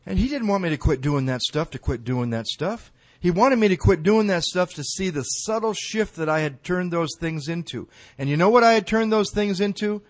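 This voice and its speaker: A middle-aged man with a slightly higher voice speaks to an audience at a recovery gathering. He tells his story in loose, colloquial language and pokes fun at himself as he goes. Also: moderate pace, few pauses. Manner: colloquial, self-mocking, animated storytelling.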